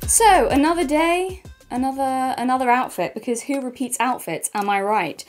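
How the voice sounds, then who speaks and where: A woman's voice: high voice, moderate pace, faint music behind, voice pushed up, close to an everyday voice. A woman putting on a put-on American accent to play a vapid, self-pitying rich young female model, drawling with lots of likes and ums. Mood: airy.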